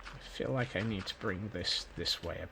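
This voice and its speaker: Gravelly Scottish man chatting while gaming. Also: deep voice, normal speed, noisy background. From Scotland. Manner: rambling, self-mocking jokes. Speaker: streamer. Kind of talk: casual gameplay commentary. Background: faint background music.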